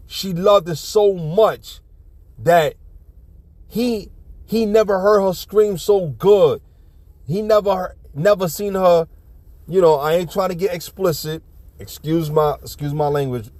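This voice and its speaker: A man's voice: on the high side, a little mellow, no room sound. Blunt, profane man ranting close to the mic. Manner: blunt, profane and preachy, with repeated restarts. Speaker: commentator reacting to a video clip. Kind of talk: casual ranting commentary.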